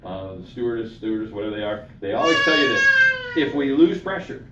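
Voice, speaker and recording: A man's voice: fairly low pitch, big pitch swings, fast, muffled recording, heavy background noise. A man leading a Bible study as pastor, talking conversationally, repeating himself and checking in with his listeners. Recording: echoey room from far off.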